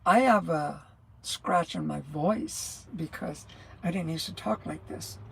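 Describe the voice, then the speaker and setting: A woman in her sixties chats slowly and loosely on a livestream, drifting off topic and laughing. Her voice is gravelly and scratchy with a rattle. It also sounds a bit husky. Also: sits low. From New Mexico. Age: 60s. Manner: rambling, loses her train of thought, laughs often. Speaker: livestream host, truck driver. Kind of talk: casual livestream chat.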